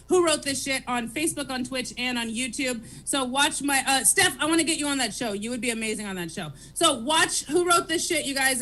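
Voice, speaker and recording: A woman comedian chatting loudly and excitably, rambling fast and shouting a lot. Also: sits high. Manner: loud, excitable, rapid rambling. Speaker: comedian guest. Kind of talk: casual chat.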